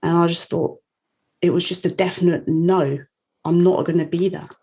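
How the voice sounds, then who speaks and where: A woman's voice: lowish voice, fairly even intonation, normal speed, slightly rough. Woman telling her story candidly. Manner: warm, open, frequent light laughs while recounting. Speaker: guest, coach.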